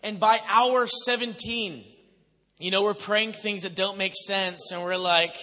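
A male pastor telling his story in a sermon, lively and acting out what people said. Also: high voice, measured pace. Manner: animated storyteller who acts out quotes. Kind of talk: sermon testimony to a congregation. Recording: long reverb of a large hall.

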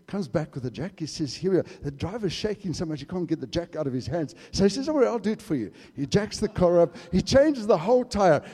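A man preaching a sermon and telling a story, swinging from hushed asides to shouted exclamations. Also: high voice, slightly rough. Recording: long hall reverb.

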